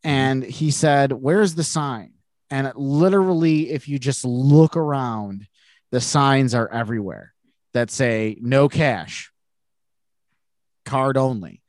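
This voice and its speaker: A man's voice: medium pitch, slow, a little mellow, dry recording. A man co-hosting a podcast, telling a self-mocking funny story in casual chat and laughing through it. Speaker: podcast co-host.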